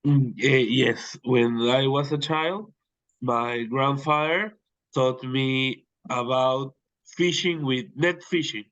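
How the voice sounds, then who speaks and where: A man from Peru whose first language is Spanish, answering as an English student in interview practice and haltingly searching for words. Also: mid-range voice, fairly bright tone, highs cut off.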